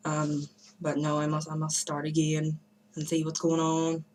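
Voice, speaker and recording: A woman's voice: deep voice, completely flat delivery, unhurried, a little mellow, a little hiss or hum, poor audio. A young woman chatting to camera from her room at home, rambling and hesitant, with many fillers and restarts. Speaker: vlogger giving forum shout-outs. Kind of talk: casual rambling monologue to camera.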